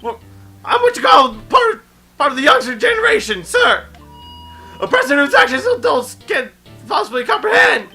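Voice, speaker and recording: A man voicing an overeager young police officer who shouts and barks "sir" after everything, in a video game playthrough. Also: extremely high pitch, sing-song, normal speed, vocal fry, faint music behind, exaggerated voice. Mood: frantic. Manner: shouting, barks 'sir' constantly.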